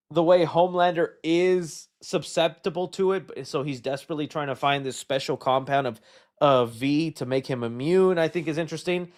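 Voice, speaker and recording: A man hosting a casual live stream, answering chat questions in a rambling, jokey and animated way. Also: on the high side. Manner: rambling, animated, jokey, puts on silly voices.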